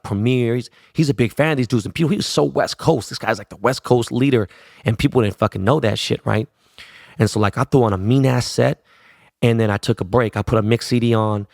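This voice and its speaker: Man, LA-raised podcast host, low gravelly voice, casual profane storytelling. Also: dry recording, clean studio sound. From Los Angeles. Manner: profane, slangy, animated.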